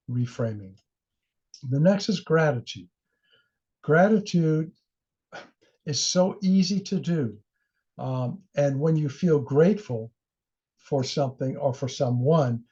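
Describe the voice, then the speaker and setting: Middle-aged guy giving a training webinar, husky and mellow, kinda dull lo-fi sound. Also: on the high side. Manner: earnest and encouraging, acts out quoted inner voices. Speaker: webinar presenter.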